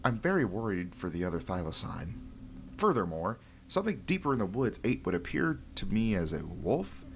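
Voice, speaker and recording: Guy doing a van-camping outdoorsman, fake accent, reading posts out loud, lowish voice that swings a lot. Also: very animated, moderate pace, vocal fry, a little hiss or hum. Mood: worried. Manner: reading forum posts aloud in a put-on accent. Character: male outdoorsman camping alone in his van.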